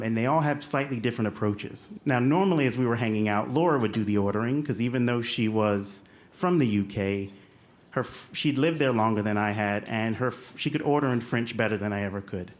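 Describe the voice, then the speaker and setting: Man, young adult, American, slight Southern accent, live storyteller, humorous, self-deprecating. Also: lowish voice. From United States. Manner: humorous, self-deprecating, acts out quoted voices.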